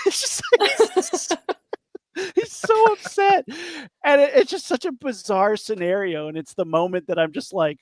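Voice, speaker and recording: Animated high-voiced man, casual chat. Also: normal speed, no echo. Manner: animated, acts out quotes with laughter. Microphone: home mic on a video call.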